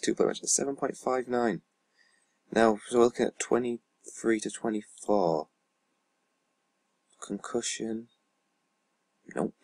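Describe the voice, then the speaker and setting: A man's voice: medium pitch, vocal fry, no echo. A man giving casual gameplay commentary as a YouTuber, rambling and swearing under his breath as he reads out stats. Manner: rambling, swears and mutters asides. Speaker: YouTuber playing a football management game.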